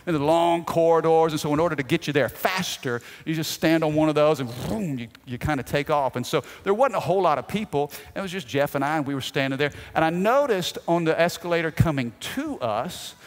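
Animated pastor in a reverberant church. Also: male voice, fairly high pitch, fairly quick, hardly any pauses. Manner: animated storytelling, shouting out quoted lines. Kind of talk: sermon. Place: church sanctuary. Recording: long hall reverb.

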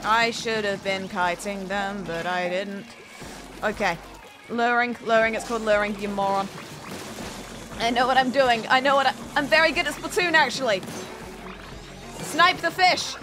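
Her voice is a little high with a steady tone and normal pace as she giggles, jokes, and curses through casual commentary while streaming a game. The recording is rough, with game music behind.

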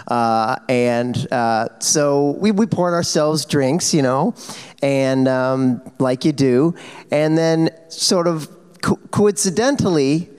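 A man's voice: medium pitch, a little mellow, clean tone. A man on a fan convention panel, telling a casual story with lots of fillers, self-corrections and laughs. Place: convention panel hall, on stage.

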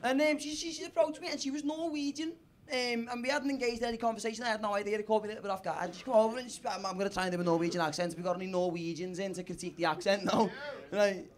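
A man's voice: high-pitched, steady tone, rapid-fire. A young man doing a crude, rambling stand-up story on a comedy club stage. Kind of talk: stand-up set. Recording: live club crowd laughter. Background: audience laughing.

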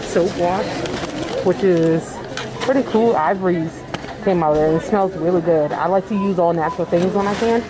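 A woman's voice: fairly low pitch, moderate pace, noisy background. Woman, casual vlog, chatty, rambling, talks to phone in a car. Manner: chatty, rambling, addresses viewers as y'all. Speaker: vlogger.

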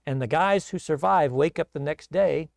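A gravelly, fairly high-voiced male pastor tells a bible story as a relaxed, chatty sermon. The sound is close and dry. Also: normal speed, no echo. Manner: casual, conversational retelling.

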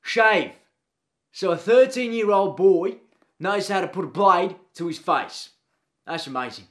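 A man's voice: high voice, expressive, unhurried, fairly bright tone. A man playing a brash, blunt Australian PE teacher in his forties who calls everyone mate, in a comedy sketch. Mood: nosy.

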